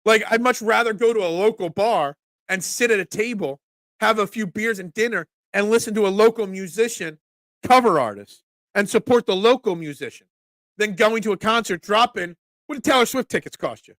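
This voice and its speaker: A man's voice: high voice, moderate pace, fairly bright tone, no room sound, studio quality. A man in his forties hosting a casual sports talk stream, congested and cracking, rambling as he answers chat comments. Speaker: sports talk show host.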